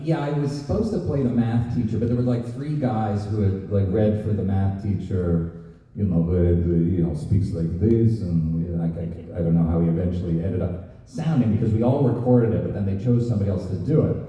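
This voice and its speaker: A man's voice: deep voice, fairly quick. A man with a neutral American accent, telling stories and laughing as a guest on a convention panel. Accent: neutral General American. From Canada. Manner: animated storytelling, laughs often. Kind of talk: casual convention panel talk. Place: large convention hall. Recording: distant echoey hall, muffled.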